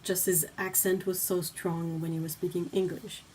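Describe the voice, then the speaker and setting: A woman's voice: on the low side, level tone, normal speed, darkish tone, slight background noise. A native French-speaking woman with a French Canadian accent, chatting casually as a livestream host while painting, rambling with fillers and laughing easily.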